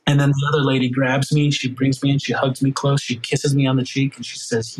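A man's voice: mid-range voice, brisk, rough recording. A middle-aged man, a firefighter and podcast guest, telling an emotional story earnestly and with feeling, acting out the voices of the people in it. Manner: earnest, emotional, animated retelling with quoted voices.

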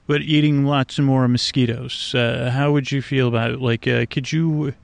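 A man rambles softly and whimsically, as if talking to the frogs at a night-time swamp. His voice has a gravelly edge, and he drifts through hesitations and restarts. The sound is dry and close, with no roominess. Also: medium pitch, steady tone, normal speed, no echo. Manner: meandering, hesitant, many fillers and restarts, whimsical. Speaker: sleep podcast host. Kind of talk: rambling, drowsy monologue outdoors at night.

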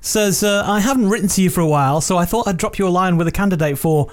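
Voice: mid-range voice, quick pace. A podcast co-host in casual, jokey chat, reading out listener emails and teasing the others.

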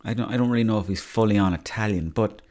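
A young Irish man with a fairly low, slightly mellow voice talks fast while hosting a podcast. His stories are rambling and comic, and he swears freely.

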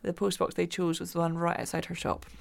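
Fast-talking woman with gravelly fry. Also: lowish voice, completely flat delivery. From Glasgow, Scotland. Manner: chatty, enthusiastic, restarts sentences. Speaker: interview guest, athlete. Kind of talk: casual interview talk.

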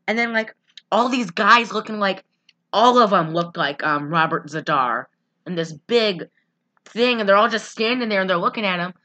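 A woman's voice: mid-range voice, lively intonation, moderate pace, sharp tone. A woman chatting casually on a podcast, recapping a movie in a rambling way, laughing often and acting out lines. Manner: giggly, rambling, acts out quotes.

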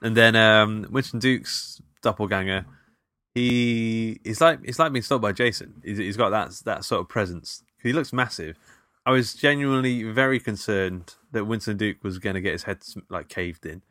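A man co-hosting a casual film review podcast, jokey and halting, with many ums. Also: fairly low pitch, bright, forceful tone, no echo, studio quality. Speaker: podcast co-host.

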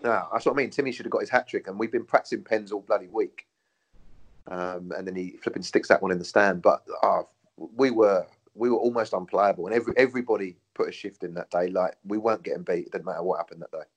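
A man tells stories in relaxed chat. He laughs often and swears freely, dropping into lively anecdotes. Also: low voice, quick pace, husky. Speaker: former footballer guest. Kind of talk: casual chat.

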